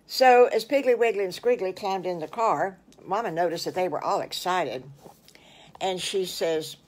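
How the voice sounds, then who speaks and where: A woman's voice: medium pitch, expressive, a little slow, darkish tone. An older woman telling her own made-up story to children, folksy and full of little exclamations. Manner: folksy, exclaiming "oh my goodness gracious". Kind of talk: improvised children's story narration.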